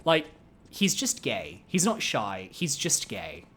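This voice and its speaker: Male streamer, casual gameplay commentary, excitable and foul-mouthed, rambling. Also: medium pitch, slow pace, faint music behind. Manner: excitable, swears freely, rambling asides.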